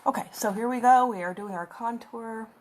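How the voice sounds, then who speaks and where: A woman's voice: a little high, normal speed, a little hiss or hum. Woman, casual makeup tutorial, rambling and chatty, at home, phone recording. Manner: rambling, chatty, talks while applying makeup. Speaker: makeup vlogger. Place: at home with her cat. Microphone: phone camera.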